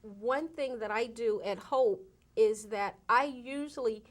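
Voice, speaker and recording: A woman's voice: fairly high pitch, takes it slowly. A woman, a guest on an interview show, talking earnestly and emphatically about her outreach work. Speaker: guest from an AIDS service organization. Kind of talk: casual interview conversation.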